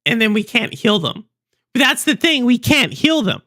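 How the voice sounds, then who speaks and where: A woman's voice: a little high, big pitch swings, moderate pace, fairly bright tone. A young woman hosting a livestream, rambling and chatting with viewers, laughing often. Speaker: livestream host. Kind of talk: casual stream chat.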